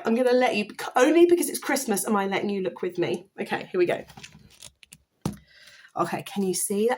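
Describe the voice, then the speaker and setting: A woman vlogging about knitting, talking in a rambling, chatty way and gushing with excitement, sounding tired. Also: medium pitch, moderate pace, a little hiss or hum. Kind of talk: casual chatty vlog.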